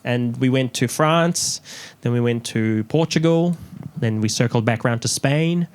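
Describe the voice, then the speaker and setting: A young man performing a stand-up comedy set in a large theatre, telling stories in an animated way and acting out the people in them. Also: unhurried, slight background noise. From New Zealand. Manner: animated storytelling, acts out characters with rising pitch. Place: large theatre with live audience.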